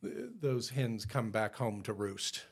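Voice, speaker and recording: A man co-hosting a podcast, ranting in exasperated, animated bursts, swearing casually and restarting his sentences. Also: on the low side, measured pace. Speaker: podcast co-host. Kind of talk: casual chat.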